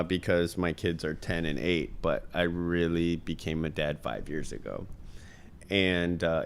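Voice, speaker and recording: A man's voice: sits low, smooth. A man in his thirties, a podcast guest, telling a heartfelt personal story in an earnest way with many ums and uhs.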